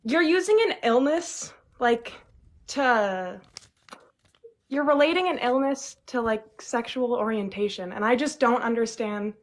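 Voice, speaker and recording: A woman's voice: on the high side, unhurried. A nineteen-year-old woman calling into a live debate, arguing hesitantly with many fillers. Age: young adult. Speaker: caller. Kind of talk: casual debate.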